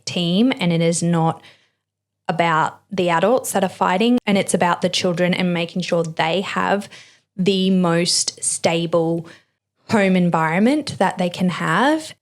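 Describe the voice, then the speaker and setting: A young woman speaks in a heartfelt personal podcast monologue. Her voice sits a little low, and she sounds emotional, near tears. She leans on easy fillers like "you know" as she talks. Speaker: podcast host.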